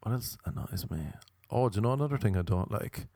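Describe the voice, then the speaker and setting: A man's voice: lowish voice, lively intonation, brisk, warm tone, no room sound, clean studio sound. Sardonic Irish man ranting. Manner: rambling and sardonic. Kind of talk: comedic rant.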